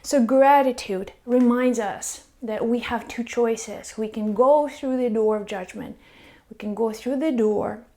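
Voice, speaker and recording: Slow, high-voiced woman spiritual guide. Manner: soft, earnest, sometimes drops to a whisper. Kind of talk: personal story with spiritual teaching.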